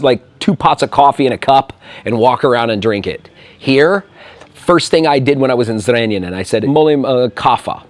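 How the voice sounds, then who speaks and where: An American man from Illinois talks in a casual interview. He speaks fast and animatedly, acting out the people in his stories. His voice sits at an ordinary middle pitch for a man. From Illinois, USA. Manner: animated, talks fast, storytelling with quoted dialogue. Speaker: interview guest, expat.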